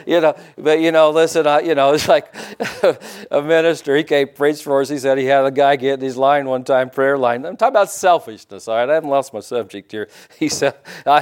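A man's voice: on the high side, fairly quick, clean tone. Folksy joking male preacher. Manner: folksy, joking, repeats amen and hallelujah. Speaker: pastor. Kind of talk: sermon.

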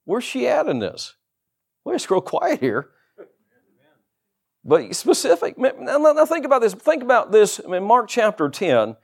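A man's voice: extremely high pitch, very animated, unhurried, darkish tone. A middle-aged man preaching a sermon as pastor, with humorous asides and rhetorical questions.

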